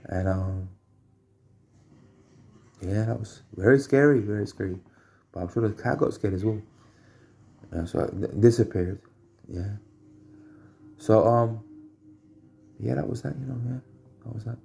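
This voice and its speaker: A man at home telling rambling personal anecdotes, halting and repeating phrases as he searches for words. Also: fairly low pitch, gravelly, dark tone. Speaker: storyteller.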